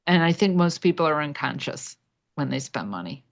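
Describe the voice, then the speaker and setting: A woman's voice: low voice, sing-song, moderate pace, creaky. A woman presenting money mindset ideas on a live video call, explaining steadily with occasional fillers.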